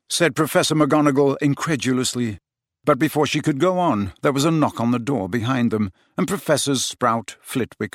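A man with a mid-range voice narrates an audiobook, telling the scripted story expressively. The recording is clean studio sound with no room sound.

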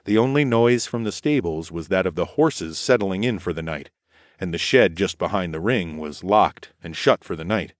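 A man reading a first-person story as an audiobook narrator, in a measured storytelling manner. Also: low voice, expressive, dry recording, clean studio sound.

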